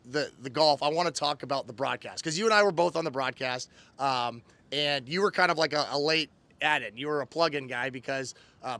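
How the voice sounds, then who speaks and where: A man's voice: fairly high pitch, a bit bright. A man in his thirties hosting a casual recap show, animatedly retelling a story and acting out quotes. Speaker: host.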